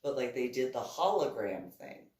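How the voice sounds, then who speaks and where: A woman's voice: a bass voice, lively intonation, normal speed, a little mellow. A woman author telling a story casually, rambling and meandering with lots of "like" and "you know" between her words. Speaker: author reading and commenting on her book. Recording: echoey room, voice from a distance.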